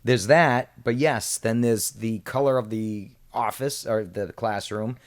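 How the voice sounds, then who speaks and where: A man's voice: lowish voice, measured pace. A man co-hosting a casual video game review discussion, laid-back and loose, with lots of fillers. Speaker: podcast co-host.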